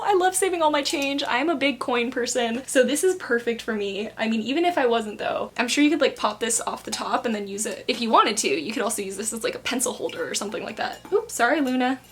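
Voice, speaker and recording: A young woman chats through an unboxing vlog, rambling happily and breaking into sudden bursts of excitement. Her voice sits fairly high, and she fills her talk with casual fillers. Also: a little fast. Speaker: booktuber unboxing book subscription boxes.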